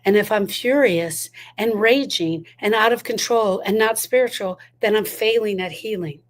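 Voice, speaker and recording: A woman's voice: mid-range voice, moderate pace. A woman giving a motivational talk on grief, emphatic and full of repeated rhetorical questions. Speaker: grief educator.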